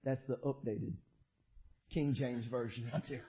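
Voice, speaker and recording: A man preaching a sermon as pastor, shifting between shouted climaxes and quiet conversational asides. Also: mid-range voice, fairly even intonation, unhurried, highs cut off.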